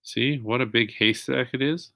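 A man reading the lines of a calm, responsible older boy in a children's story, slightly lifted and reassuring. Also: medium pitch, normal speed, vocal fry, dry recording, studio quality. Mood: steady.

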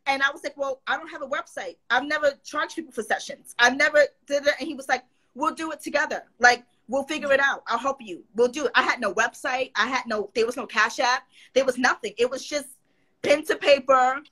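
A woman's voice: high voice, brisk, low-quality recording. A woman guest in a casual interview, telling stories animatedly and acting out what others said. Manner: animated, quotes others in put-on voices.

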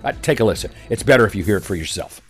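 A man's voice: lowish voice, lively intonation, very fast, husky, soft background music. Sarcastic man hosting commentary. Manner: sarcastic, derisive, emphatic. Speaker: commentary show host. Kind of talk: mocking political commentary.

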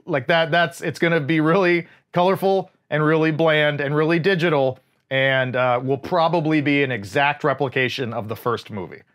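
A man's voice: fairly high pitch, normal speed, a bit bright. A man co-hosting a casual movie podcast, rambling and wry, with lots of fillers. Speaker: podcast co-host. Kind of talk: casual movie review chat.

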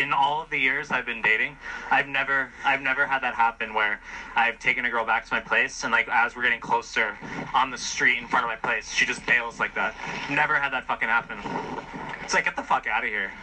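Brief: man, bright and sharp voice, blunt and profane, rambling vlog outdoors at night, faint street noise. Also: mid-range voice, rough recording. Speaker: vlogger. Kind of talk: casual walking vlog.

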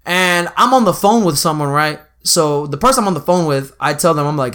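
A man's voice: a little high, a little fast, hardly any pauses. A man co-hosting a casual podcast, telling stories with lots of swearing and acted-out quotes. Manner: animated storyteller, swears often, acts out quotes. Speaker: podcast co-host. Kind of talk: casual chat, storytelling.

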